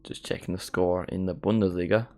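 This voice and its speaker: A man's voice: low voice, brisk. A young man hosting a live match watchalong, chatting casually into a desk microphone and perking up when chances come. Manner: laid-back and chatty, gets excited at chances. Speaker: livestream watchalong host.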